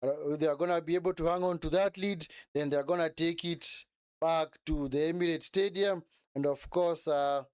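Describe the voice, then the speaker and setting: A man's voice: fairly high pitch, fairly even intonation, normal speed, darkish tone, smooth, no echo, clean studio sound. A young man hosting a casual live watch-along stream, talking in a chatty, repetitive way and often correcting himself.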